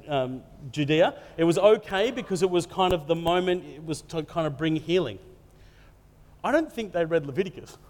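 High-voiced man preaching in a hall. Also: a little mellow. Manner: conversational, jokey and storytelling. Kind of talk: humorous sermon. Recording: echoey hall reverb.

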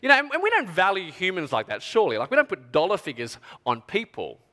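A man tells stories to an audience in an animated, chatty way, full of asides. His voice sits high and sounds bright. A long hall reverb trails his words. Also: fast. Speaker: speaker addressing an audience. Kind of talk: storytelling talk.

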